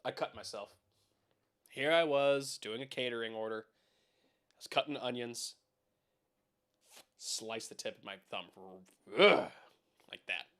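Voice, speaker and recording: A man's voice: medium pitch, unhurried, long pauses, a bit bright, clean tone. A young man hosting a casual live stream from home, rambling, swearing and chatting with viewers about keyboards. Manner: rambling, swears, laughs often, talks to chat.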